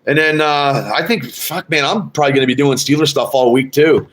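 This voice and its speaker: Hosting a laid-back live sports podcast, this man speaks a little fast in a voice on the high side with a slightly bright tone. The live-stream chat finds him rambling profanely and trash-talking rival fans.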